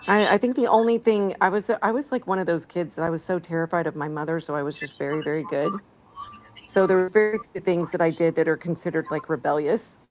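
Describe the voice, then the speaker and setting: A woman's voice: lowish voice, fast, background noise. A middle-aged woman hosting a casual chat, telling stories and laughing often as she talks. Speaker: stream host.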